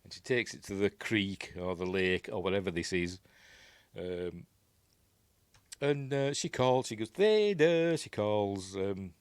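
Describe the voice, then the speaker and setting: A man's voice: sits low, unhurried, clear, resonant tone, no room sound. A man with a Yorkshire accent giving a casual, rambling film breakdown as a reviewer, with lots of ums and asides. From Yorkshire, England.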